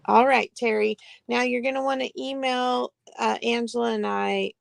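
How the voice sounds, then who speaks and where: A woman's voice: on the high side, fairly even intonation, moderate pace, gravelly, no echo. A woman co-hosting a live online sale, counting down bids and giving plain instructions. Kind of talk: live-stream sales chat.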